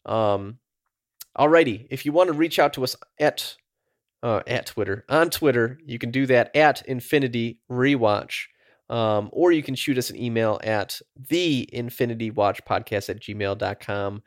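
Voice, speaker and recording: A laid-back man co-hosts a nerdy podcast, chatting casually and swearing freely. His voice is mid-range at a normal speed, recorded in clean studio sound without any echo.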